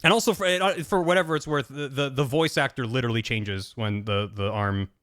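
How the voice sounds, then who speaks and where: A man on a stream, casually retelling a game's story to friends in a rambling, animated way, dropping into quick voices for the characters. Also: mid-range voice. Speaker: streamer explaining game plots.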